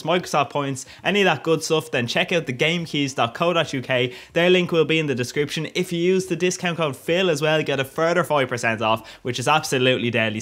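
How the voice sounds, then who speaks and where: A man's voice: fairly high pitch, a bit bright. Cheeky gaming commentator, man. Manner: cheeky, crude joking with frequent laughs. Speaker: gaming YouTuber. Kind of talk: casual commentary over gameplay.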